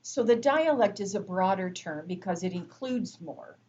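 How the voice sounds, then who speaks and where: A woman instructor giving a recorded lecture, explaining terms in a measured way with frequent fillers. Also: mid-range voice, expressive, darkish tone, muffled recording.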